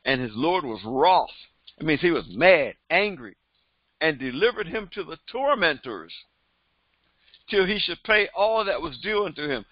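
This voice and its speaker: A man's voice: high-pitched, dry recording. A male pastor teaching a sermon. He reads scripture aloud, then retells it in plain, everyday words and speaks straight to his listeners. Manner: addresses listeners directly and repeats himself for emphasis. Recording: dry, slightly dull lo-fi recording.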